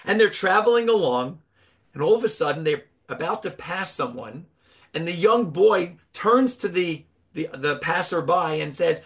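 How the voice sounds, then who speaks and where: A man giving a Torah class, telling a parable with animated storytelling and rhetorical questions. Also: fairly high pitch, moderate pace, gravelly. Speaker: rabbi teaching Torah.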